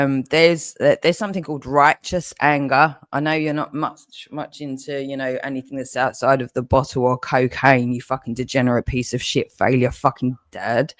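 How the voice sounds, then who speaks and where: A man's voice: medium pitch, no echo. An Englishman in an aggressive, threatening rant, swearing heavily and repeating his target's name again and again. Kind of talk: angry on-camera rant.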